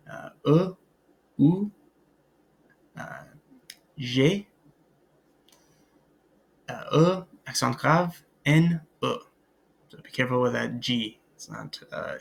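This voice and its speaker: Guy teaching a french class on video, slow and gravelly, lots of ums. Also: medium pitch. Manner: hesitant, many ums and uhs; spells out words letter by letter. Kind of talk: recorded video lesson.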